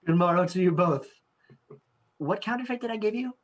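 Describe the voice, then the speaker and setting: A woman's voice: lowish voice, animated, brisk. A woman playing an earnest young nobleman in a video-call staged reading.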